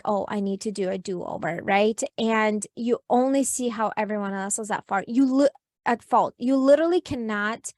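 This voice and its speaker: A woman with a fairly high voice talks earnestly as a guest coach, leaning on "like" and "you know" as she explains. The sound is dry and close, with no room in it. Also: no echo. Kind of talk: podcast interview advice.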